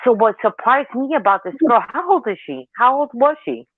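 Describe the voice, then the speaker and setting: A woman's voice: fairly high pitch, lively intonation, normal speed, dry recording. A woman in her forties chatting casually as a caller, rambling and candid, telling stories animatedly. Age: 40s. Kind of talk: casual chat. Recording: tinny dry phone line.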